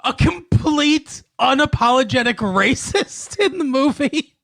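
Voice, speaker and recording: A man co-hosting a casual movie-review podcast, animated and irreverent, laughing often. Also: extremely high pitch, measured pace, vocal fry, dry recording, clean studio sound. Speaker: podcast co-host.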